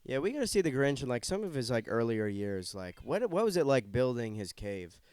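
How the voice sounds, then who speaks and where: A man co-hosting a podcast in casual chat, enthusiastic and excitable. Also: mid-range voice, fairly quick, clean tone, no room sound. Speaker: podcast co-host.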